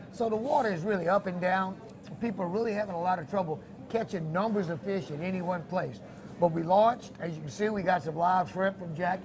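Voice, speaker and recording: A man, telling a fishing trip story in a folksy, chatty way on a local fishing show. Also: high voice. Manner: folksy, storytelling, laughs easily. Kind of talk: casual chat about a fishing trip.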